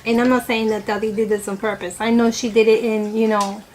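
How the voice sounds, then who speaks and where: Rambling woman vlogger, slightly high voice. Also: level tone, a little fast, darkish tone, slight background noise, poor audio. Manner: rambling, with many "you know" fillers and self-corrections. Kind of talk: casual opinion chat while eating.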